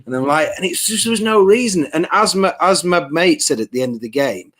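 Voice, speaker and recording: A man's voice: fairly high pitch, lively intonation, a little fast. A man chatting on a podcast, telling a story animatedly and acting out what people said. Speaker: podcast co-host. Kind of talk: casual podcast chat.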